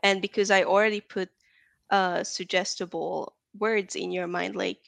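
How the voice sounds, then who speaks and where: A woman's voice: mid-range voice, fairly even intonation, moderate pace, gravelly, dry recording. A woman from Texas, a guest in a casual interview, talking in a chatty, rambling way and laughing often.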